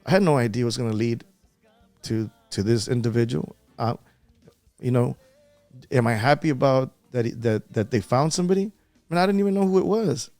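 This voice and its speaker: A man's voice: mid-range voice, a little fast, darkish tone, no room sound, soft background music. A man as a podcast guest, talking earnestly and repeating himself as he recalls an upsetting event. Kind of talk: emotional podcast interview.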